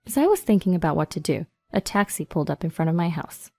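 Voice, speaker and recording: A woman narrating a first-person story in an even, measured reading voice. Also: fairly low pitch, creaky, no room sound, soft background music.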